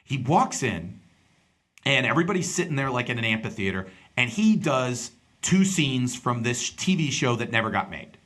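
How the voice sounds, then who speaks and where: At a moderate pace and medium pitch, a comedian hosting his podcast chats casually through a story. He tells it with animation, acting out each person he quotes.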